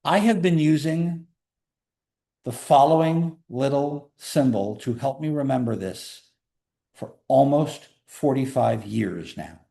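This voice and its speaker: A man in his fifties giving a classroom calculus lecture, lively and conversational with playful asides to students. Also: medium pitch, slow, vocal fry. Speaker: math lecturer.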